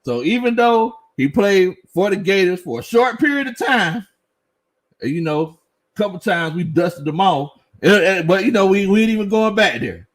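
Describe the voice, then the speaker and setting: A man in middle age hosts a relaxed sports live stream, chatting to his viewers. His voice sits slightly high and swings widely in pitch. He laughs often and talks in easy slang. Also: normal speed. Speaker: sports show host. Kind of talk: casual live-stream chat reading comments.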